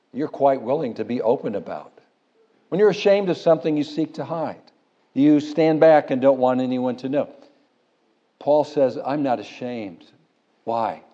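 A man preaching a sermon as pastor, building to emphatic high peaks and then dropping low and soft. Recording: dull lo-fi sound.

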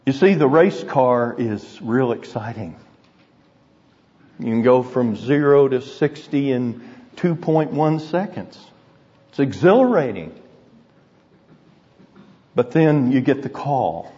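Man, preacher, sermon, deliberate storytelling, husky voice, muffled lo-fi recording. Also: mid-range voice, lively intonation. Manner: earnest, deliberate storytelling that drops to hushed, grave tones. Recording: dull recording in a reverberant hall.

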